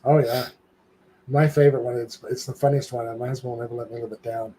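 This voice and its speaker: An older man chatting on a live stream, spinning a lively anecdote and slipping into the voices of the people in it. His pitch sits in a middle range, and a faint hiss runs beneath his voice. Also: quick pace, rough recording. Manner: animated storytelling, acting out quoted voices. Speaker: guest. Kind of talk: casual live-stream chat.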